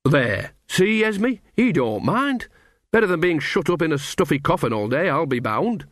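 Male narrator as a jolly, folksy old witch, high-pitched and loud. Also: sing-song, normal speed, no room sound, clean studio sound. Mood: hearty. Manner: hearty, folksy. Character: jolly, hearty older woman witch.

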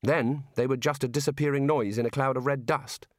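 A man narrating a storybook in a measured, steady reading. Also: mid-range voice, no echo, clean studio sound. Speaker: audiobook narrator.

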